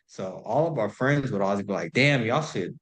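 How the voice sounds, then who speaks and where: A man's voice: fairly low pitch, expressive, moderate pace, fairly bright tone, poor audio. A man in his thirties, a podcast guest, telling stories in loose, profane casual chat full of "like". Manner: loose and profane, heavy use of "like".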